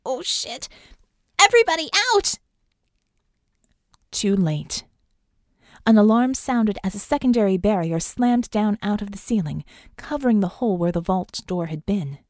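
A woman's voice: medium pitch, normal speed, warm tone, no room sound, clean studio sound. Woman narrating an audiobook. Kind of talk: scripted narration.

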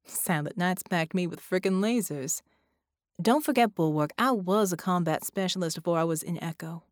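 A woman's voice: on the low side, normal speed, no echo, studio quality, close to an everyday voice. A woman reading the part of a tough, confident female cyborg fighter in an audiobook, speaking cocky and grim.

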